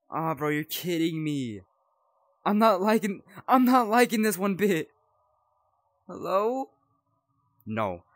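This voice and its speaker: A young man talks his way through a spooky game, his pitch leaping all over between nervous mutters and startled yelps. His voice sits a bit high for a man. The sound is dry and close. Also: fairly bright tone, no echo. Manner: jumpy, yelps and rambles while scared. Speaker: gaming YouTuber. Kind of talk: horror game playthrough commentary.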